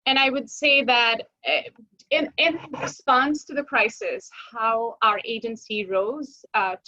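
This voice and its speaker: A woman presenting for a transit agency in a webinar, measured and pausing often with fillers. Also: fairly high pitch, bright, forceful tone, no echo, dull audio. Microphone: video call.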